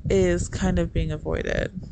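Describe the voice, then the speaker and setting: A young adult speaker giving a casual, rambling review with quick asides and laughter. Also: medium pitch, gravelly. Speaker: book reviewer. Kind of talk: casual chat. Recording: loud background noise.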